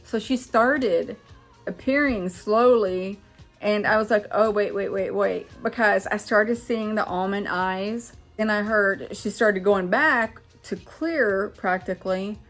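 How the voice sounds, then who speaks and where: A woman vlogging in casual chat to camera, excitable and chatty, getting loud when she is excited. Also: mid-range voice, unhurried, soft background music.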